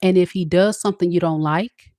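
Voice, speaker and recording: Low-pitched woman, tarot reader lecturing her female viewers bluntly, dry close recording. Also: fairly even intonation, a little fast, mellow, dry recording. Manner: blunt, preachy, talks straight to the women watching. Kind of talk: direct-to-camera advice talk.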